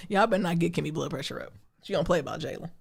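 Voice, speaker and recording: A woman co-hosting a podcast, chatting casually about TV shows, animated and laughing often with quick asides. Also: lowish voice, creaky, slightly rough, no room sound. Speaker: podcast co-host.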